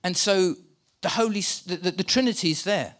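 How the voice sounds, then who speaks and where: Brief: male preacher, a touch high in pitch, lively and stumbling over his words, leading a church re-enactment. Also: fairly quick, slight background noise. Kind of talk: sermon with live volunteer re-enactment. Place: church with a live congregation.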